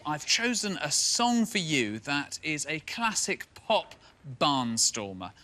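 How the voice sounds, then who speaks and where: A man's voice: a little high, big pitch swings, slow, very noisy. A man presenting a talent contest on stage, upbeat and teasing as he talks to the groups. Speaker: choir mentor and show host.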